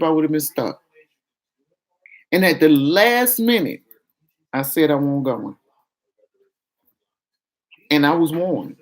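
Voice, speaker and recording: Woman vlogger, casual storyteller who performs every quote. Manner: animated, acts out quoted voices with raised pitch.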